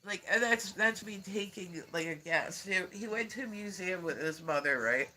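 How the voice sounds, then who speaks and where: Hosting a meandering livestream, this congested man speaks at a normal speed with lively intonation, his slightly high voice ringing very bright and sharp. Laughter and casual swearing interrupt him often, and his nose sounds stuffed up.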